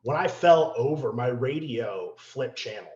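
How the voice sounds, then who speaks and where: A man with a medium-pitched voice speaks at a measured pace, guesting on a podcast and telling a casual, profane story. He's animated and acts out the quotes, and the sound is roomy and a little dull.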